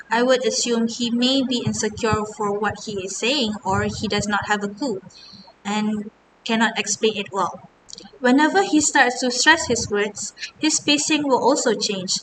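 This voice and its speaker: A Malaysian university student in her 20s earnestly reads out a class presentation, sounding scripted and mostly reading from her text. The mic is distant, with a steady rumble underneath.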